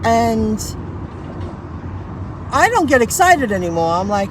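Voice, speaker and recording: A woman with a high voice tells a rambling story on a casual livestream from inside a car. She repeats herself and restarts sentences as she goes. Clear road noise runs behind her voice. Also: sing-song, normal speed, pauses often. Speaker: food delivery driver vlogger.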